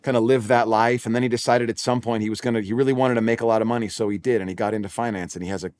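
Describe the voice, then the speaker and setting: A Californian pastor in his forties tells a personal story during a sermon in a church auditorium, conversational and self-deprecating, often restarting his sentences. His mid-range voice is darkish and fairly even in intonation, and he races along.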